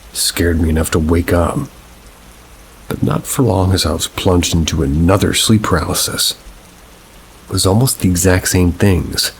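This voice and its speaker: Deep-voiced man reading slowly. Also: background noise. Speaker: narrator. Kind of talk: scripted narration of submitted scary stories.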